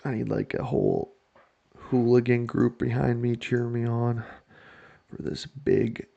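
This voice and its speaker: A man giving casual let's-play commentary on a football management game, joking to himself and shouting when his team scores. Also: medium pitch, unhurried, gravelly, highs cut off. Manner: excitable, jokes to himself, shouts at goals. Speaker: video game player.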